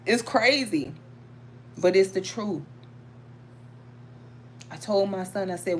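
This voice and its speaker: A middle-aged woman hosting a casual chat, telling a story in an animated, preachy way. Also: moderate pace, slight background noise. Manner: animated, preachy, emphatic with sudden pitch jumps. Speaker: tarot channel host.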